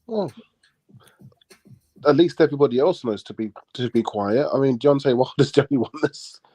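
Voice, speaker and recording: Blunt man, dry mellow tone. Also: mid-range voice, normal speed, slightly rough, no echo. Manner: blunt, boastful. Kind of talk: casual boxing chat.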